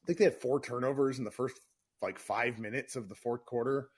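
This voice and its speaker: A man's voice: mid-range voice, fairly even intonation, a little fast, slightly rough. A man hosting a live podcast room, talking basketball in a chatty, rambling way with frequent restarts. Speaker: podcast host. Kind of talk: casual live sports chat.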